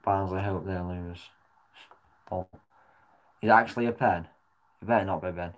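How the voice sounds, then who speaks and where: A man reacting live to a football match as a fan vlogger. He swears often and swings between muttered comments and loud yells at the referee. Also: deep voice, steady tone, moderate pace.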